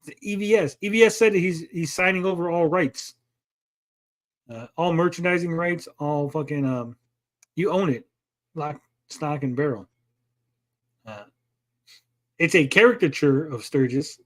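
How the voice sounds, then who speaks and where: Male livestream host, high voice, profane ranter. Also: measured pace, pauses often. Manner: profane, ranting, mocking. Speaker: podcast host. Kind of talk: casual livestream chat.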